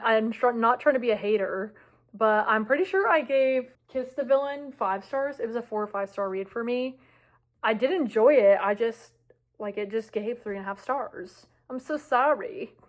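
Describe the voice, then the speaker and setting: Gushing young woman book vlogger. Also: a little high. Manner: dramatic and gushing. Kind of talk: casual book review vlog.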